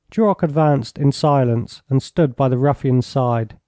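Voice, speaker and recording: On a close studio mic, a medium-pitched man reads scripted audiobook narration. The delivery is steady and even in a storytelling style, with a dry recording.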